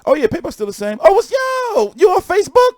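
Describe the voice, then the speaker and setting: A young man talking casually on a live stream, swearing and repeating phrases as he gets worked up. His voice sits high and leaps around a lot. The sound is close and dry, with no room echo. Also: a little fast. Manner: excitable, profane, repeats phrases. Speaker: boxing commentator streamer.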